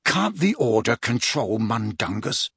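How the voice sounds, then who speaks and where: A man's voice: a little high, big pitch swings, measured pace, fairly bright tone, husky, no echo, studio quality, voice pushed up, heavily acted. A man voicing an angry teenage boy wizard who snarls and demands, in an audiobook. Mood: furious. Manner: snarling, furious. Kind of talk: audiobook character voice.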